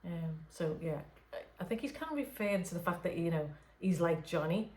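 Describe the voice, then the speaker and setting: A woman with a fairly low, animated voice speaks briskly but softly in an echoey room late at night. Acting as a spirit medium in an unscripted channelling session, she sounds hesitant, restarting often and using lots of fillers.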